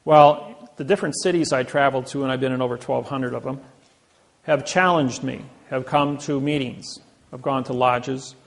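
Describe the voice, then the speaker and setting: A man's voice: mid-range voice, steady tone, moderate pace, gravelly. A man giving a boastful storytelling lecture, acting out the voices of people in his stories. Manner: boastful, acts out quoted voices. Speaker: presenter.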